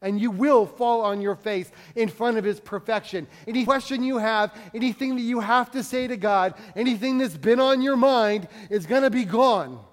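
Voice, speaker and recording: A middle-aged man preaching a sermon with passion, dropping to a hush for quoted words. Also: extremely high pitch, normal speed, few pauses, in a large hall. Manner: impassioned preaching, dropping to hushed tones for quotes. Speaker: pastor.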